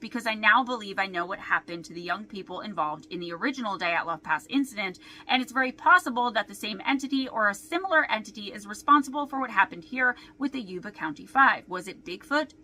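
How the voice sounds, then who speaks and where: Bright-voiced woman reading a mystery aloud. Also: mid-range voice, expressive, fast. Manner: skeptical, poses many rhetorical questions. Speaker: author and video host. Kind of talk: reading her own mystery book aloud.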